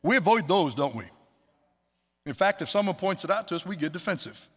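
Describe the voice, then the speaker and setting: A man preaching a sermon, earnest, slowing down to stress words and quoting scripture. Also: high-pitched, animated, fairly bright tone. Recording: long hall reverb.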